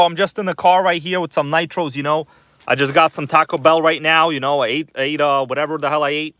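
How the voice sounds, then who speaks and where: A man's voice: a little high, fairly even intonation, brisk, fairly bright tone, dry recording. Chatty man streaming from his car. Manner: chatty, greets viewers, swears casually. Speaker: livestream host. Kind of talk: casual livestream chat. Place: inside a parked car at night. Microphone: phone.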